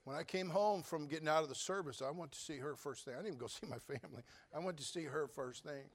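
A man preaching a sermon, telling his own story with humor and big swings between loud and quiet. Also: on the high side, quick pace. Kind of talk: sermon testimony.

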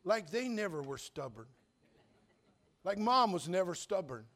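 Folksy older preacher. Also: male voice, high-pitched, big pitch swings, unhurried. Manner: folksy, joking storyteller with sudden loud preaching peaks. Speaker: pastor. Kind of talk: sermon.

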